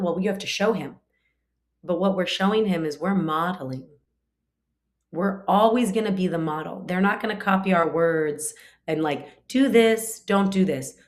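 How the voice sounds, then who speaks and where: A woman giving a casual scripture class, talking conversationally with frequent fillers and explaining through everyday family examples. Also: on the low side. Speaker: spiritual teacher.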